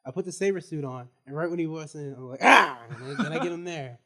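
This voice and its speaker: A male student on a casual podcast, telling an animated story and laughing as he goes. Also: on the high side, quick pace. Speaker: student guest.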